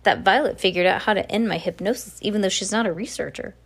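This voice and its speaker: Woman reading a quiet, bookish orphan boy. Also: medium pitch, fast, breathy edge. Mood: earnest. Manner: quiet and earnest.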